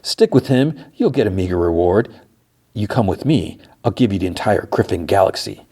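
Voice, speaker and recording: A man's voice: sits low, lively intonation, normal speed, dark tone. A man doing a persuasive rogue pirate. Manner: persuasive, rousing. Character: smooth-talking rogue male pirate, persuasive.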